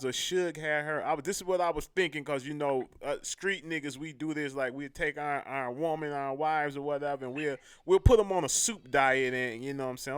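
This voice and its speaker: A man's voice: fairly high pitch, normal speed, few pauses, clean tone, dry recording, studio quality. Brash trash-talking man. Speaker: host. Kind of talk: profane live-show banter.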